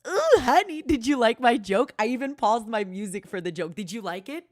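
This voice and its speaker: A woman streamer chats casually with her audience in a playful, motherly persona, calling viewers honey and darling. Her voice is on the high side with lively intonation at a normal speed, recorded in studio quality with no room sound.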